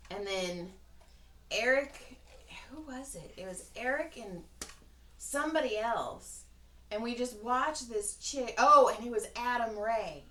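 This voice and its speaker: A woman's voice: on the high side, a little slow, pushed and bright. A woman podcast host telling a rambling, profane story in casual chat. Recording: roomy, distant mic, faint hiss.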